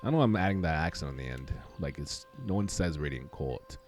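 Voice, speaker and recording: A man's voice: rumbling low, expressive, fast, a little mellow, faint music behind. A young man casually commenting while playing a game, rambling and joking through a long story. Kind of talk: casual let's-play commentary.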